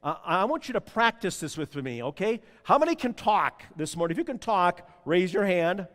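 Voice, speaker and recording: High-voiced pastor preaching in a hall. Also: male voice, big pitch swings, normal speed, fairly bright tone. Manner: repeats key lines, asks the congregation to respond. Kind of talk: sermon. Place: church sanctuary.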